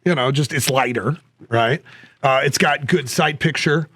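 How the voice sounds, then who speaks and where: A middle-aged man co-hosts a casual podcast chat, speaking unhurriedly in a mid-range voice that's a bit bright and husky. He rambles, uses lots of fillers and drops dry jokes.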